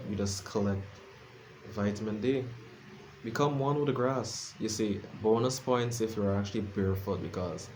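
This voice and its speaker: A man's voice: lowish voice, a little mellow, slight background noise. A sleepy man rambling casually in a late-night vlog, self-deprecating and full of fillers and restarts. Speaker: vlogger. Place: his room at home.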